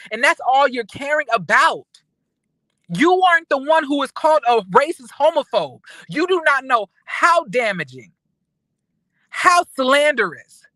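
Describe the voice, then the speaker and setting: Animated cussing man ranting. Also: very high voice, dry recording, rough recording. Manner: animated, outraged, quick rants with restarts. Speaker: reality TV recap commentator. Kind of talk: casual commentary with profanity.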